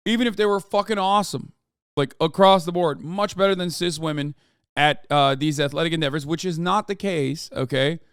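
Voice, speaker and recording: A man hosting a live stream rants heatedly and profanely about politics, mocking his critics and getting combative with chat. His voice is a little high and a bit bright, at a moderate pace, with a clean tone and clean studio sound with no echo.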